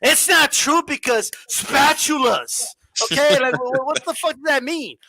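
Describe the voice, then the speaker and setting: A man's voice: very high-pitched, normal speed, vocal fry, pushed and bright, dry recording, low-quality recording. A man hosting a boxing podcast, ranting with lots of profanity, often raising his voice and mocking people. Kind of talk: heated uncensored podcast rant.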